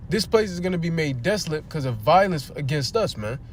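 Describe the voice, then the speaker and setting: A man's voice: on the high side, expressive, a little fast, a little hiss or hum. A man preaching informally on a livestream near a street. He reads scripture aloud, asks his listeners rhetorical questions and swears bluntly as he drives his points home. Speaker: preacher streaming a scripture teaching.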